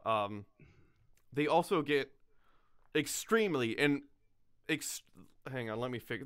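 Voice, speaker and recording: A man's voice: mid-range voice, animated, slow pace, pauses often, a bit bright, smooth. A man hosting a podcast, chatting casually with lots of laughs and fillers. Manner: rambling, laughing often, filler-heavy. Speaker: podcast host.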